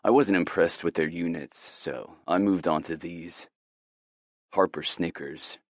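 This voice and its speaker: A man narrating a romance audiobook in the first person, with a measured, unhurried reading. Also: deep voice, no echo, studio quality.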